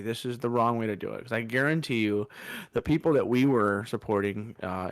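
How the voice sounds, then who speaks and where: Frustrated low-voiced man on a podcast. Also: vocal fry, dry recording, clean studio sound. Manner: frustrated, emphatic, mocking quotes. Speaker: podcast co-host. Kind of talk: political opinion talk.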